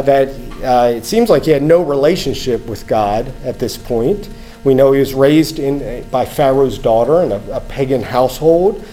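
A man's voice: on the high side, dark tone, poor audio. A man giving a conversational sermon, reading scripture aloud and explaining it, often checking in with the listeners. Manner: conversational, asks "right?" often, acts out inner thoughts. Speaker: preacher.

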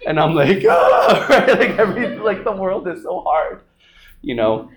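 High-voiced man preaching in an echoey room. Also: moderate pace, slight background noise. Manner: animated, filler-heavy, laughs often, keeps asking "right?". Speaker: pastor. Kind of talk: sermon with personal storytelling.

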